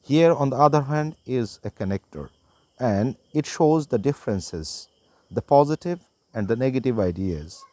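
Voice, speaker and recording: A man teaching a grammar lesson to students, reading example sentences and pointing out each connector in a careful, deliberate way. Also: mid-range voice, lively intonation, warm tone, no room sound. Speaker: English teacher.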